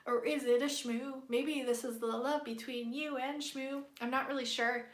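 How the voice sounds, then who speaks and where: A woman's voice: sits high, fairly even intonation, moderate pace, roomy sound. A playful, giggly woman with a stuffy nose, chatting casually as a tarot reader on a live stream. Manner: playful and giggly, hums silly tunes.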